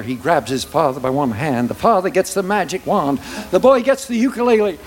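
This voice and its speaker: A man telling a folk tale to a ukulele, animated, with sung refrains and vocal sound effects. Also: a little high, fairly quick, few pauses, a little hiss or hum. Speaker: storyteller. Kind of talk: folk tale told to music.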